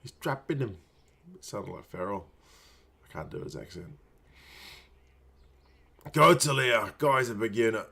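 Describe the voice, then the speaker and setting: A man's voice: lowish voice, lively intonation, measured pace, gravelly, pauses often, pushed and bright, breathy edge. A man in his thirties hosting a live watch-along from home, giving casual commentary in muttered reactions and urging the players on. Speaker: watch-along stream host.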